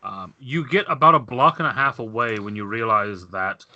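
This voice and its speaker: Low-voiced man narrating a tabletop game. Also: lo-fi sound. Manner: relaxed, halting narration with fillers. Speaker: game master.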